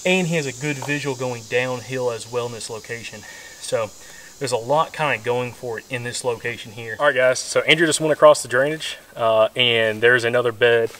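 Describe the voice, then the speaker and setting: A man hosting a hunting channel, talking excitedly and rambling through a field scouting walkthrough outdoors on a wooded bluff. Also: medium pitch, normal speed, slight background noise. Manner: excited, rambling, repeats words.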